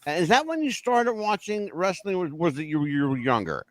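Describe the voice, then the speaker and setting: A male radio host with a high voice chats in a folksy, blunt and joking way with his guests. The studio sound is dry. He keeps the banter loose and rambling. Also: sing-song, moderate pace, dry recording. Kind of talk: casual radio talk show.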